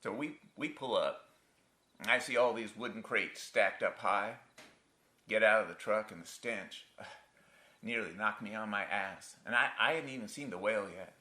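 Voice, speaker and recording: A man's voice: on the low side, normal speed, bright, forceful tone. A man acting a stage monologue as a grown son haunted by his abusive father, telling it in a wry, folksy rural dialect on a theatre stage. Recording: roomy theatre sound.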